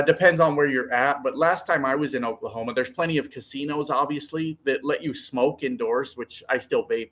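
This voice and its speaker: A man's voice: medium pitch, fairly bright tone. A man who drives trucks, chatting casually on a live stream, rambling in an easygoing way and answering viewers by name. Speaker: trucker vlogger reading live chat.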